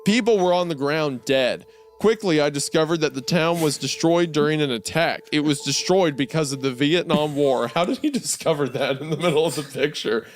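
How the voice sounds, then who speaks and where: A young podcast co-host on a comedy show reads a creepy story aloud in a slightly high voice at normal speed. He laughs often, breaking into giggles mid-sentence, while faint music plays behind him.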